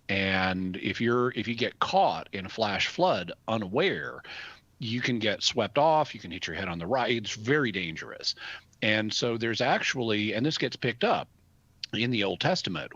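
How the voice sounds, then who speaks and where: A man's voice: fairly low pitch, pushed and bright, breathy edge, no room sound, lo-fi sound. An American man, a guest expert on a radio talk show, explaining topics at length with examples in a casual, thoughtful way. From United States.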